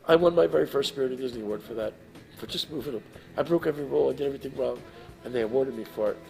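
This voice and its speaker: A man telling a story to a live audience, animated and emotional, swinging from hushed to loud. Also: medium pitch, rapid-fire, gravelly, faint music behind. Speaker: guest storyteller.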